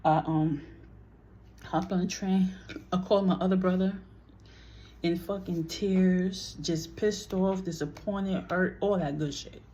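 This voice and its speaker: A woman's voice: lowish voice, steady tone, measured pace, warm tone. A woman telling a personal story in a casual vlog, blunt and heated, swearing freely and acting out what others said.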